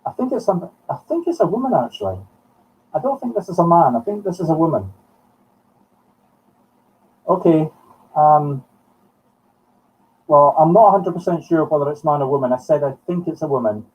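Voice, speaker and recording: Scottish man with a husky voice. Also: a little high, expressive, far from the mic. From Scotland. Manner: halting, thinking aloud in short phrases. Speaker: medium. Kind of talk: live spiritualist broadcast. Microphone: streaming from home. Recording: muffled sound from off the mic.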